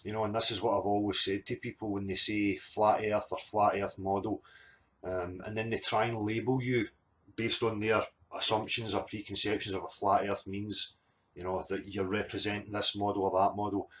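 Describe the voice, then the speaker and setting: A channel host with a lowish, slightly bright voice delivers a monologue reacting to clips, keeping a level tone and moderate pace. He argues his point emphatically, leaning on lots of fillers and repeated words.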